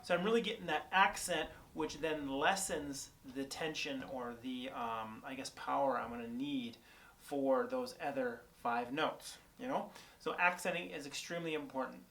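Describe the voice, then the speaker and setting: With a medium-pitched, slightly bright voice and moderate pace, a young man teaches guitar picking technique casually. Fillers and restarts fill his thinking aloud, guitar is played between phrases, and the sound comes from an on-camera shotgun mic.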